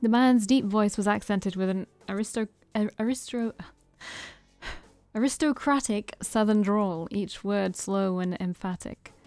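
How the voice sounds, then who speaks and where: A woman's voice: mid-range voice, a little slow, darkish tone, no echo, faint music behind. Woman streamer reading a game aloud. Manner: reads narration, breaks off to joke and laugh. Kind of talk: let's play, reading a visual novel aloud.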